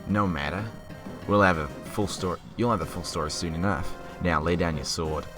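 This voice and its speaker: A man's voice: low voice, moderate pace, recorded from a distance, close to an everyday voice. A young man voicing a sneering, bullying enemy soldier in a put-on Australian accent, over game music. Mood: taunting. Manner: mocking, bullying.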